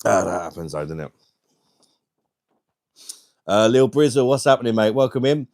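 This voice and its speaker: A man's voice: lowish voice, lively intonation, normal speed, a little mellow, dry recording, clean studio sound. A young man hosting a casual live stream on a wireless mic, chatty and laughing often as he greets viewers by name. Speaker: livestream host.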